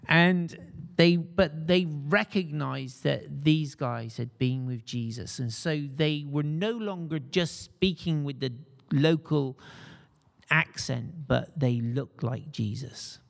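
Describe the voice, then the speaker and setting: Slow, gravelly male preacher in a reverberant hall. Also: on the high side. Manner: conversational preaching with rhetorical questions to the congregation. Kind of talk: sermon.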